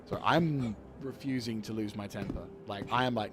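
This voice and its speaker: A man's voice: medium pitch, normal speed, hardly any pauses. A man streaming a space game, talking to himself as he plays, swearing often and flaring up now and then. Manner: mutters to himself while playing, swears, flares up. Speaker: gaming streamer. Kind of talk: live gameplay commentary. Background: game music.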